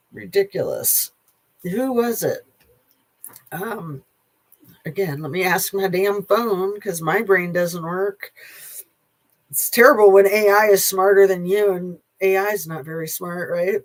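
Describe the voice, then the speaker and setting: Slow, sarcastic rambling commentator. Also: medium pitch. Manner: sarcastic, rambling, with many filler pauses; blunt, swears casually. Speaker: channel host, news commentator. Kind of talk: casual opinion commentary.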